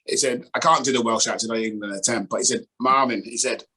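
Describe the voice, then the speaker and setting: A man's voice: mid-range voice, fast, pushed and bright, husky. A man, a former player, telling a story casually with many fillers like "um" and "like". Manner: chatty, filler-heavy.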